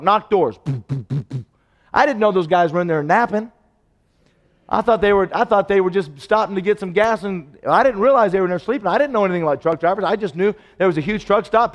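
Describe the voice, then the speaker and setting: A man preaching a sermon, telling stories and acting out the dialogue, his voice swinging from loud to hushed. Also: high voice, in a large hall, lo-fi sound. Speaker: pastor. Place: church sanctuary.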